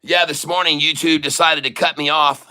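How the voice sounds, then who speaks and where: Bright-voiced man telling rambling stories. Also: fairly high pitch, steady tone, moderate pace, clear, resonant tone. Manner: rambling, chatty anecdote telling with many restarts. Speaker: livestream day trader and channel host. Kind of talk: casual livestream storytelling.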